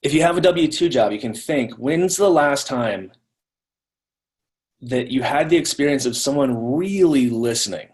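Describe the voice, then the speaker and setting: A man's voice: medium pitch, lively intonation, measured pace, darkish tone. A man giving a live online training talk in a conversational way, often repeating words as he restarts.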